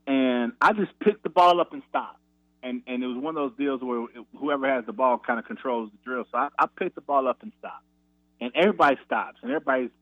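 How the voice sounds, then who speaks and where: A former college basketball player telling a practice story on a radio interview, animated, acting out the quotes with a raised voice. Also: male voice, medium pitch, no room sound. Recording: tinny phone line, dry.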